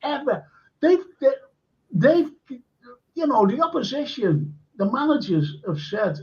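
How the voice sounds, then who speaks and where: A man's voice: very high voice, sing-song, unhurried, a little mellow, dull audio. A man hosting a live stream, chatting casually about football with blunt, emphatic verdicts and lots of fillers.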